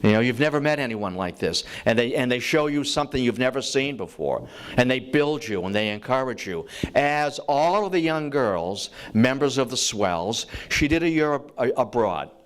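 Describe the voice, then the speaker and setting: A man's voice: mid-range voice, animated, normal speed, clean tone. A man teaching as a lecturer, telling a life story conversationally, with restarts and many "you know" asides, acting out quoted voices.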